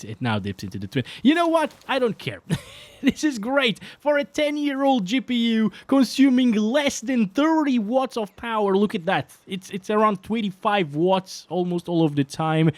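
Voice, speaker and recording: A man giving casual, excitable commentary over his own gameplay, laughing often and restarting his sentences. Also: a little high, no echo. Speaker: gaming hardware youtuber.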